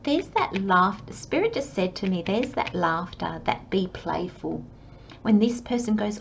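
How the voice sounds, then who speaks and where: A woman talks through a tarot reading in a gentle, chatty way, slipping into short imagined dialogues. Her voice sits in an ordinary middle range. The recording is slightly dull, with a faint hiss behind her. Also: mid-range voice, expressive, moderate pace, creaky. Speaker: tarot reader. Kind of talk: channelled tarot reading monologue.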